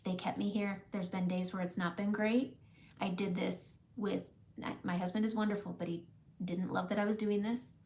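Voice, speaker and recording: A woman makeup vlogger talking casually and warmly to her viewers, emotional and close to tears at times, often laughing. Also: medium pitch, little pitch movement, moderate pace. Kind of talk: casual heartfelt talk to camera.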